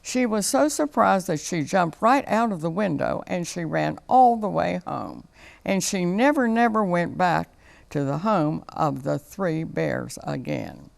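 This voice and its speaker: Slow, gravelly woman reading a storybook. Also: on the low side. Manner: slow, expressive, sing-song. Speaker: children's storyteller on local TV. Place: TV studio.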